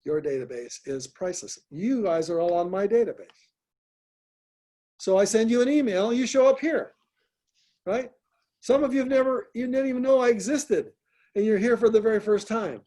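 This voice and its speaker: A man's voice: high voice, moderate pace, long pauses, warm tone. A man hosting a group call, coaching listeners in a direct, encouraging way and often repeating himself. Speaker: host, business coach.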